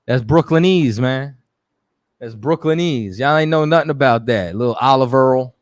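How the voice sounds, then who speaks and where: A man hosting a radio stream, chatting loosely and giving shout-outs to viewers. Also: mid-range voice, expressive, moderate pace, no echo, clean studio sound. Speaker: radio show host. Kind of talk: casual live-stream talk.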